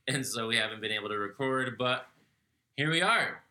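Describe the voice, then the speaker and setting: A man's voice: medium pitch, moderate pace. Congested young man hosting a podcast. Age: 20s. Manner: laughing, swearing, animated chat. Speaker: podcast host. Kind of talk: casual podcast chat.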